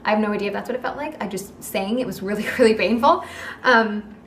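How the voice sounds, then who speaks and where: A young woman telling a personal story in a casual vlog, animated and acting out the quoted lines of the people in it. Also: mid-range voice, fast, a little hiss or hum. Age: young adult. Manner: animated, acts out quoted dialogue. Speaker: vlogger. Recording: echoey room.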